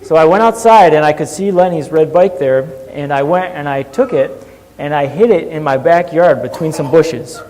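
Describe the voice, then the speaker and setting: Animated male pastor in an echoing hall. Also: a little high, normal speed. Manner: animated, shifting from hushed to lively. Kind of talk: sermon storytelling. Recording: long hall reverb.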